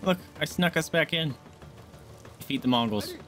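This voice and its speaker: Excitable young gamer yelling at enemies. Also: male voice, on the high side, normal speed, faint music behind. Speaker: gaming streamer. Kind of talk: casual let's-play commentary.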